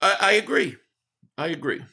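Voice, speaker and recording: Reading viewer chats aloud on his live sports reaction stream, a male host rants hotly and swears a lot. He speaks at normal speed in a slightly high, pushed, bright voice with lively intonation.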